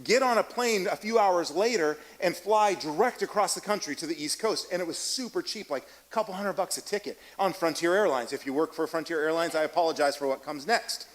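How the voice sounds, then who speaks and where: High-voiced chatty male pastor. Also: a little fast, hardly any pauses, low-quality recording. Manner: chatty and self-deprecating, with many restarts and quoted dialogue. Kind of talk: conversational sermon storytelling. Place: church sanctuary.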